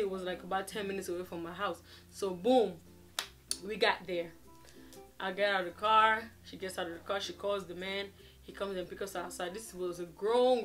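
A woman in her twenties chatting casually to camera as a vlogger, telling a story in an animated way and acting out what people said. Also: medium pitch. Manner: animated, chatty, acts out quoted dialogue.

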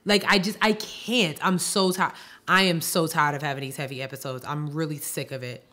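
A woman's voice: low-pitched, steady tone, normal speed, pushed and bright. A woman co-hosting a podcast in casual chat, weary and exasperated, who repeats herself. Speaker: podcast co-host.

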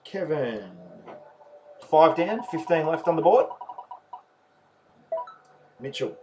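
A man's voice: fairly high pitch, big pitch swings, slow, mellow, a little hiss or hum. A man with an Australian accent, hosting a live raffle and commentating each name as it is drawn. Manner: chatty, calls names and counts spots. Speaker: raffle host.

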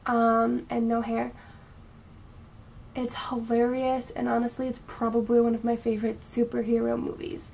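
A bubbly young woman in her twenties talks casually to her camera, a bit out of breath. Her voice sits high, with a husky, gravelly edge. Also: a little mellow. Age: 20s. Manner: bubbly and gushing. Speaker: vlogger.

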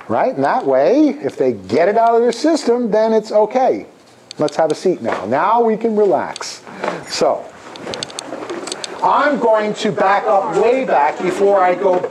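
A middle-aged music education professor leads a hands-on workshop, his voice a little higher than most men's. He speaks animatedly and breaks into sung chants to demonstrate in this interactive session, with a faint hiss beneath his voice in the room.

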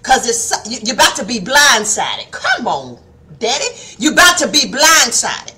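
Fiery high-voiced woman preacher. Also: sing-song, normal speed. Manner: impassioned, preachy, calls listeners baby, rising to shouts; acts out soft and stern quoted voices. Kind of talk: fiery devotional sermon.

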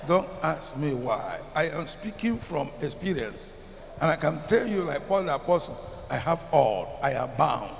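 Gravelly Nigerian preacher in a big hall. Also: male voice, fairly high pitch, sing-song, slight background noise. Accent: Nigerian English. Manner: emphatic preaching, drawn-out chanted phrases, questions to the congregation. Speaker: pastor. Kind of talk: sermon. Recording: long reverb in a large hall, faint ambience.

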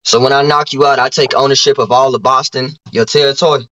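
A man's voice: medium pitch, steady tone, quick pace, a bit bright, highs cut off. A man on a video call trading boastful trash talk with a rival, often stumbling and restarting his sentences. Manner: boastful, rhyming brags, stammering restarts. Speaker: YouTuber challenging a streamer.

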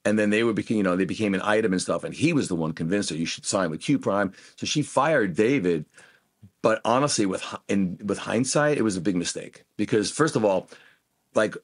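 A man being interviewed as a guest guitarist, telling animated anecdotes and acting out what people said. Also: lowish voice, fairly quick, husky. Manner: animated anecdotes, acts out quoted voices. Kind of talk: casual interview storytelling.

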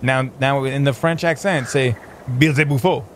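A man's voice: medium pitch, steady tone, moderate pace, slight background noise. A man hosting a gaming channel, bantering goofily with a co-op partner as they play. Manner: goofy, playful banter, jokes around. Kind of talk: casual co-op gameplay commentary.

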